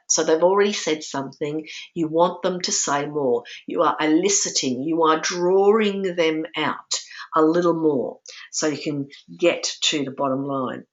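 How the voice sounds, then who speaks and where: A woman presenting a mentoring webinar in a calm, instructive manner, demonstrating example phrases in a gentle tone. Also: low voice, a little slow, lo-fi sound. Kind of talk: lecture-style webinar.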